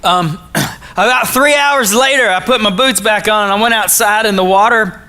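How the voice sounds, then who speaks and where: A man from Arkansas, giving a jokey, animated storytelling talk to a school audience. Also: sits high, normal speed, clear, resonant tone. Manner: animated, jokey, acts out his own quotes. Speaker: motivational speaker.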